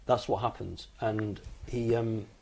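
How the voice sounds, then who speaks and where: A man from the United Kingdom, calmly recounting his experiences as an interview guest in a matter-of-fact, explanatory way. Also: fairly low pitch, slow, gravelly, slight background noise.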